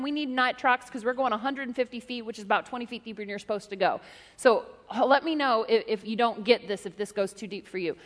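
Middle-aged female pastor, high voice, lively joking sermon, long hall reverb. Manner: animated, joking storyteller. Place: church hall.

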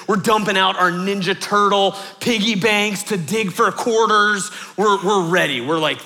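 A man in his thirties preaching a sermon, telling a story in lively fashion and repeating phrases for rhythm. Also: a little high, unhurried. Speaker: pastor.

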